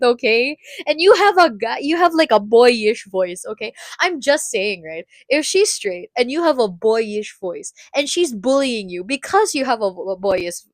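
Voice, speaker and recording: A young woman with a Filipino accent chatting with viewers on a live stream, animated and laughing often, slipping between English and Tagalog. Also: on the high side, no room sound, clean studio sound. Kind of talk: casual chat with viewers.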